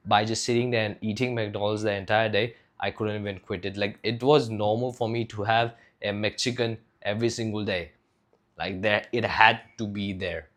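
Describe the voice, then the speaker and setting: A young man from India talking casually to camera as a fitness vlogger, rambling loosely with lots of filler words and swearing. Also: fairly low pitch.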